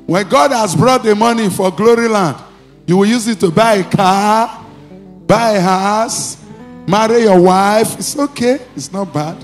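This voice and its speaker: A male pastor with a Nigerian accent preaching and leading deliverance prayer in a church, commanding and repeating short phrases, sometimes breaking into shouts. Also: high-pitched, measured pace, faint music behind.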